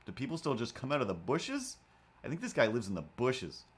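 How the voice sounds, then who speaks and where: Give me a man hosting a livestream, chatting casually with a very lively, bouncing pitch. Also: a little fast, husky. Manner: animated, acts out voices in anecdotes. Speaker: livestream host.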